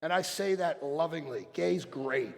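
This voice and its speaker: Gravelly, passionate man in a reverberant hall. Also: a little high, animated, unhurried. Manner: blunt, passionate, swings between quiet and forceful. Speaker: chiropractic speaker. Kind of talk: motivational stage talk.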